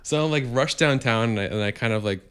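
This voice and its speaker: A man's voice: medium pitch, fast, fairly bright tone, clear, resonant tone. A man, a podcast guest who owns a vintage store, telling a story casually with many fillers and restarts. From Canada. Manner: rambling, hesitant, many fillers.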